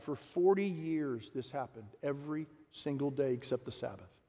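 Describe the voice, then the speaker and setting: A man preaching a sermon as pastor, animated, acting out quotes and asking the congregation questions. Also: medium pitch, moderate pace. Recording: long reverb of a large hall.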